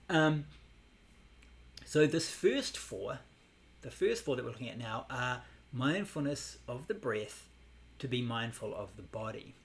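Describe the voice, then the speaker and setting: A man teaching a Buddhist meditation class, explaining in a relaxed way with many fillers. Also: medium pitch, slight background noise.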